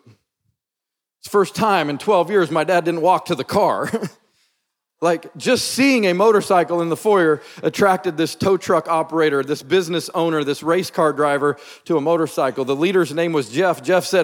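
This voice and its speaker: A man's voice: a little high, normal speed. A man preaching a sermon, telling a personal story in an earnest, emphatic, conversational way. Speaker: pastor. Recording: long reverb from a large hall.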